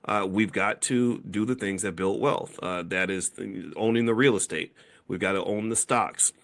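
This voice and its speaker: A man's voice: lowish voice, fairly bright tone. Rambling middle-aged man, many restarts. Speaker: host, founder of a business school. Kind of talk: casual conversation.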